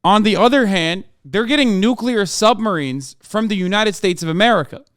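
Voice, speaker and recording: A man in his thirties hosting a live-stream, reacting to news clips in a loose, profane, excitable way with laughing asides. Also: high voice, moderate pace, no echo, studio quality.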